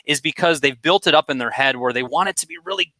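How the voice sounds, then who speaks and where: A man giving direct, energetic marketing advice as a guest expert, talking casually with quick asides. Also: medium pitch, no room sound. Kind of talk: conversational coaching advice.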